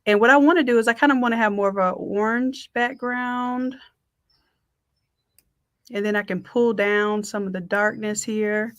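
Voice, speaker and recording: A woman's voice: fairly high pitch, moderate pace, a bit bright, no echo, studio quality. A woman giving a live-streamed design tutorial, chatting with viewers and calling them y'all. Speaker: design instructor.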